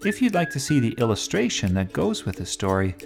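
A man hosting and reading a children's story, in a gentle, expressive way. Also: medium pitch, brisk, vocal fry, over music. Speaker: storyteller and podcast host.

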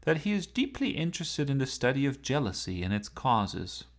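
A man voicing a talkative, polite self-driving sports car with a precise, matter-of-fact manner, with a lively, gravelly voice. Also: medium pitch, moderate pace, voice pushed up. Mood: chatty.

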